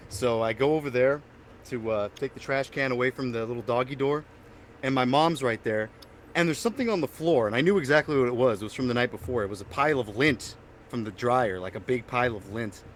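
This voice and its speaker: Young male podcast host, rambling anecdotes, mid-pitched voice, faint background noise. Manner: rambling storyteller, animated and loud when excited. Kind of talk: casual chat.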